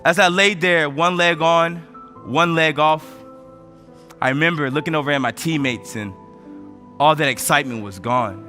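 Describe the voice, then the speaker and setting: High bright-voiced man giving an energetic speech. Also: moderate pace, long pauses, soft background music. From United States. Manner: energetic storytelling, voice rising with emotion. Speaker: motivational speaker. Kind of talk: motivational speech.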